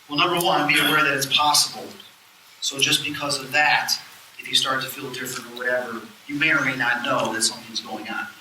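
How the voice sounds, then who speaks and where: A man's voice: mid-range voice, fairly quick. A man giving a live lecture to an audience, telling stories and acting out the voices he quotes. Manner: animated storyteller who acts out quoted voices. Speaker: lecturer on spirits and the afterlife. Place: lecture hall at a public event. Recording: roomy distant live-event recording with faint noise.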